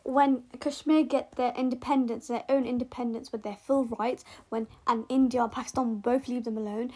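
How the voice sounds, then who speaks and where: A young woman hosting her own podcast, talking earnestly in a rambling way with restarts and repeated words, recorded with rough sound at home. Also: fairly high pitch, fairly even intonation, moderate pace, warm tone. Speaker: podcast host. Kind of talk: casual solo podcast monologue.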